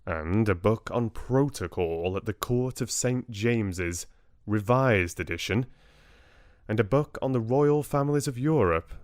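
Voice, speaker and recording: A British man narrating an audiobook calmly, in a measured storytelling manner, close to the mic. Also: lowish voice, dry recording.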